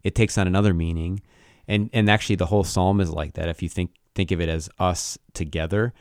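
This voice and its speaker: A man with a very low, gravelly voice talks through scripture on a podcast. He is thoughtful and halting and often restarts his sentences. The sound is dry and close to the mic. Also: steady tone, a little mellow, dry recording. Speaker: podcast co-host. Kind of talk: casual Bible discussion.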